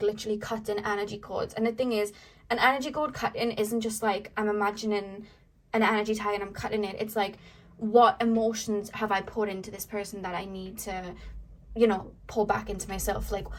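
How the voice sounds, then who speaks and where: A woman giving a casual tarot reading to camera, rambling and earnest, full of fillers, her voice a little distant from the mic. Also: fairly high pitch. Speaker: tarot reader.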